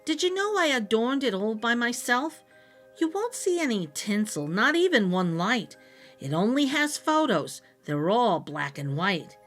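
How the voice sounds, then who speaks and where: A woman voicing a kind, lonely old woman in a read-aloud storybook, speaking gently and softly. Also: a little high, very animated, a little slow, soft background music. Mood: fond. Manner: gentle, soft-spoken, comforting.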